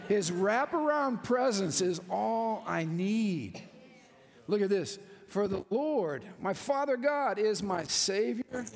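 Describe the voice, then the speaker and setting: Male pastor, animated sermon, higher voice, acts out voices, long hall reverb.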